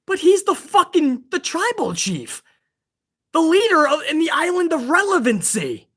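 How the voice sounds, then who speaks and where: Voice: very high-pitched, normal speed. A livestream host of a pro wrestling channel ranting heatedly, swearing often. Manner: excitable. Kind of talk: livestream rant.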